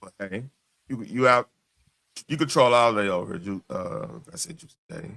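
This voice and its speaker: A man's voice: fairly low pitch, expressive, normal speed, vocal fry, bright, forceful tone. A tired man hosting a late-night livestream, talking in a loose, blunt, slangy way with his voice wearing out. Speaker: livestream host.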